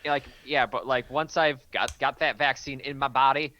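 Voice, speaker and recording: A young man co-hosting a podcast, reading viewer comments and speaking in a measured, thoughtful way. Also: mid-range voice, steady tone, pushed and bright, lo-fi sound. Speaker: podcast co-host reading chat. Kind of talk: casual chat.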